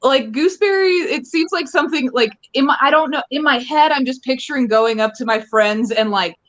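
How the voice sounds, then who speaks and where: A young woman riffs through a stand-up set from home, rambling and cracking herself up as she goes. Her voice sits a little high, and the sound comes from her phone's mic. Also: brisk, fairly bright tone, lo-fi sound. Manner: giggly, rambling, self-amused. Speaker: stand-up comic. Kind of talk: casual stand-up riffing.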